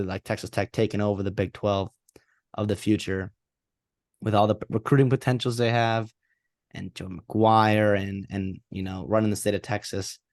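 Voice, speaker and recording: Low-voiced man, casual sports podcast chat. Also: a little mellow, no echo, studio quality. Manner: rambling with frequent restarts. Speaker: podcast co-host.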